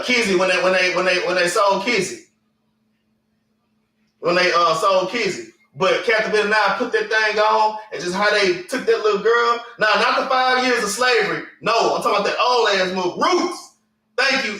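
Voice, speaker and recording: The recording comes from an echoey room with the mic well away from this man, whose high voice has a sharp tone and a moderate pace. Teaching a Bible class, he reads scripture and preaches informally with slang, swearing, and frequent "man" and "all right".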